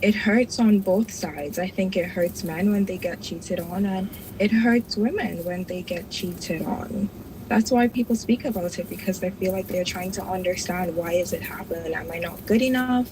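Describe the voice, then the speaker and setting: A woman's voice: on the low side, moderate pace. Young woman caller, twenties, reflective, hesitant, noisy call-in line. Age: 20s. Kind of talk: call-in conversation.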